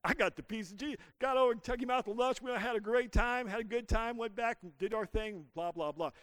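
Male pastor mid-sermon, high and smooth voice, dry close sound. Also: a little fast, fairly bright tone, no echo. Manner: preaching with call-and-response to the congregation. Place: church.

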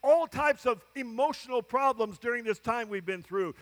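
High-voiced man preaching a sermon. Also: normal speed, few pauses. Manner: call-and-response preaching, asking "Amen?" often; drops soft and low for scripture, builds loud at the close.

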